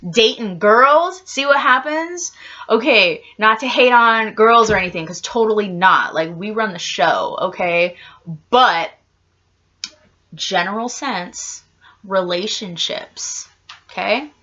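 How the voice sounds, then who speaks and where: A woman's voice: medium pitch, slow, bright, forceful tone, dull audio. A woman vlogger chatting casually to camera, rambling with lots of "like" and the odd casual swear.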